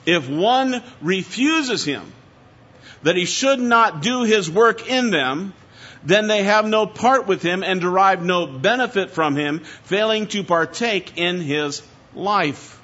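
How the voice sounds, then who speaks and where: Bright-voiced male preacher, measured delivery. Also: sits high, animated, dull audio. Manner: measured, emphatic preaching with outline points. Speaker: pastor. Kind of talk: expository sermon.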